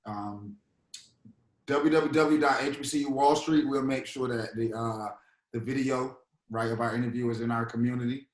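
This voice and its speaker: Relaxed male co-host in an echoey room. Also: medium pitch, normal speed. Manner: relaxed, affirming, many fillers. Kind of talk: casual interview.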